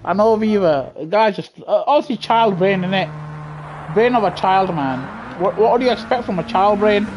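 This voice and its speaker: A man streaming a racing game, talking casually to his chat, reacting loudly to the race and joking with viewers in slang. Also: high voice, normal speed, background noise. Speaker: live-streaming sim racing gamer. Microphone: gaming headset.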